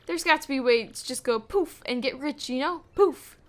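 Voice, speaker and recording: A woman's voice: sits high, moderate pace, natural voice. A woman voicing a tired male laborer in a video game who complains wistfully about being poor. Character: weary poor male laborer dreaming of riches.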